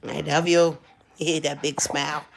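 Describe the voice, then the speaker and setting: A woman's voice: low voice, little pitch movement, unhurried, gravelly, a little hiss or hum. A woman vlogger talking casually to camera at home, laid-back and chuckling, in loose everyday speech.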